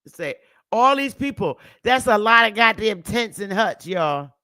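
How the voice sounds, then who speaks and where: A woman's voice: medium pitch, lively intonation, unhurried, pushed and bright. A woman hosting a casual livestream, talking loosely and profanely and laughing often as she goes. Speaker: livestream host.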